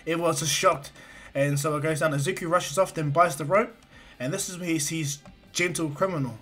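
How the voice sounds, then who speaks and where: A man's voice: fairly high pitch, brisk, a bit bright, slightly rough, soft background music. A man casually retelling a fan story, rambling with lots of fillers and restarts.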